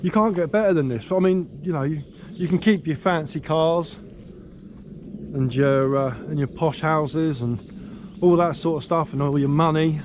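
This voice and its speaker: A man's voice: a little high, unhurried. An English man vlogging while walking in woodland, rambling easily about nature, with a slight slur from a missing tooth. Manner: chatty, rambling, easygoing. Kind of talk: casual outdoor vlog. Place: woodland outdoors. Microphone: handheld camera. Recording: faint outdoor noise, birdsong.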